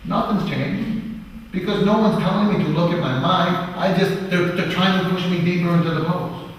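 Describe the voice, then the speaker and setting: A man's voice: sits high, normal speed. A man teaching yoga in a lecture to a live audience, blunt and profane, acting out little quoted voices as he goes. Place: yoga studio hall. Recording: echoey hall recorded from far off.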